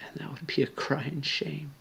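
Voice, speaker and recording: Gravelly, husky drunk man pleading earnestly. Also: a little high, little pitch movement, moderate pace, fairly bright tone. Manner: earnest, pleading, drops to whispers. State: drunk, slurring; near tears. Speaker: video blogger. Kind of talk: emotional direct-to-camera appeal.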